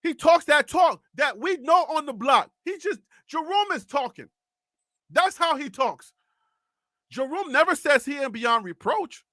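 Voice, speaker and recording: A man's voice: very high-pitched, sing-song, unhurried, pushed and bright, no room sound, studio quality. A man hosting a live sports talk show, speaking in an impassioned, pleading way and repeating himself. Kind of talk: live sports commentary monologue.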